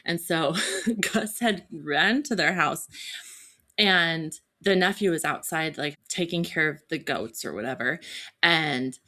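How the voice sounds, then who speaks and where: A woman's voice: low voice, slow. A woman in her thirties, a podcast host telling a story in casual chat, acting out the voices of the people in it. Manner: animated storytelling, acts out quoted voices.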